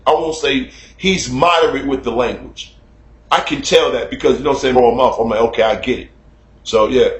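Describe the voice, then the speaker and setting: A man telling a story to his camera in a casual, animated, profane way, acting out shouts at a neighbor, recorded in a room at home. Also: mid-range voice, fairly quick, roomy sound. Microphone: camera mic.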